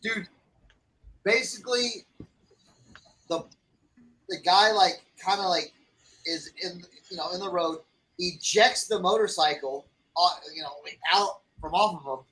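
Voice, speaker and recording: High, bright-voiced man telling a story. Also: measured pace, pauses often, rough recording. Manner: rambling, with lots of fillers and restarts. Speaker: podcast co-host. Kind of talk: casual storytelling chat.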